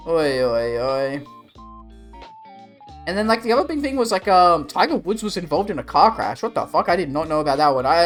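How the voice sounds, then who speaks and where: A young Australian man chatting casually with his stream viewers, rambling and swearing in a laid-back way. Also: high voice. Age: young adult. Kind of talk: casual livestream chat.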